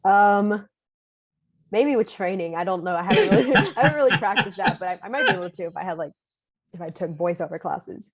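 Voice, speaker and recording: A young actress chatting in a relaxed, hesitant way as a podcast guest, using lots of fillers and laughing easily. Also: female voice, mid-range voice, brisk, a crowd in the background. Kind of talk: casual interview.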